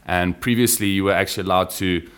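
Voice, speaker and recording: A man with a notably deep, low voice speaks as a podcast guest. He tells his wildlife adventures in a relaxed, easygoing way, sinking into a hush over the quieter moments. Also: fast, clear, resonant tone. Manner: relaxed, anecdotal, drops to a hush when describing wildlife. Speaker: podcast guest, reptile field explorer. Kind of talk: casual conversational storytelling.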